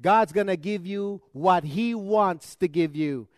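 A man's voice: high voice, slow pace, no echo, clean studio sound. A male pastor preaching a sermon, with conversational asides and dramatic rises and drops in his delivery.

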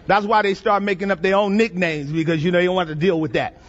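Male pastor, very high-pitched voice; dramatic call-and-response sermon delivery in a reverberant hall. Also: steady tone. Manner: dramatic, drawn-out scripture reading, engaging the congregation with questions. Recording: dull lo-fi audio with long reverb.

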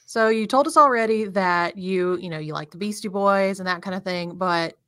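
A woman's voice: mid-range voice, normal speed, pushed and bright, clear, resonant tone, dry recording. A woman co-hosting a podcast in casual chat, easygoing and thoughtful. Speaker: podcast co-host.

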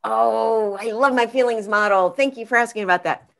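A therapist and author appearing on a podcast recounts stories in a relaxed, expressive manner, voicing her inner thoughts aloud. Her voice is fairly high and gravelly, at a moderate pace.

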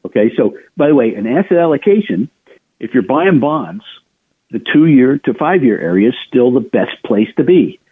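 Husky man talking markets over a phone line. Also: medium pitch, very animated, moderate pace. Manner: chatty, addresses listeners directly, many restarts. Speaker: radio show host. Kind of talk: financial market commentary. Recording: narrow phone-like radio sound.

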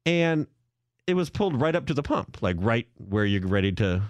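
Lively, hesitant male storyteller. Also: mid-range voice, normal speed, no room sound. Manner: hesitant, full of restarts and asides. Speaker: podcast host. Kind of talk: casual storytelling.

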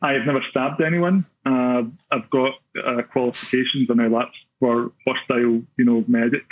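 A man's voice: mid-range voice, fairly even intonation, normal speed. A young Scottish man with a Glaswegian accent, telling a long story casually as a podcast guest, full of fillers and self-deprecating asides. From Scotland. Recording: tinny phone-like line.

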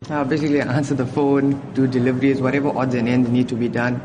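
A man, talking about his restaurant job in a quick, flat way. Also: medium pitch, background noise. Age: 20s. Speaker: restaurant worker.

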